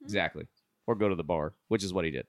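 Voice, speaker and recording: A man co-hosting a casual podcast, rambling quickly and joking at his own expense. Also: low-pitched. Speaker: podcast co-host. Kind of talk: casual chat.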